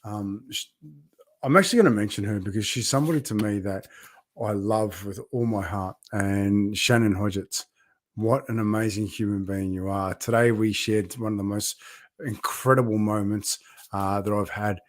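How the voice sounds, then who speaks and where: A man's voice: on the low side, normal speed, no echo, clean studio sound. A middle-aged man talking in a heartfelt, rambling way on a casual live video diary, laughing often and greeting viewers by name. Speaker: vlogger and builders' coach.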